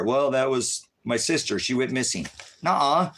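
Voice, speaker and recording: A stressed man rambling through an agitated live-stream rant, jumping between loud outbursts and low muttering. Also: lively intonation, measured pace.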